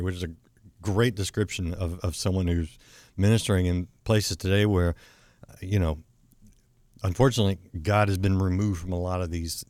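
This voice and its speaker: A middle-aged man hosting a talk show, telling a story in a relaxed way with many restarts. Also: fairly low pitch, no echo. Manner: warm anecdotal, frequent restarts and repeated words. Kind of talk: casual conversational storytelling.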